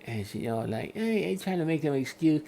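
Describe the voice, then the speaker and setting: Gravelly guy ranting casually, doing little voices for the phone reps, bit of hiss behind him. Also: fairly high pitch, moderate pace. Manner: animated storytelling, acts out phone calls in voices. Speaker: podcast host. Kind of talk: casual storytelling rant.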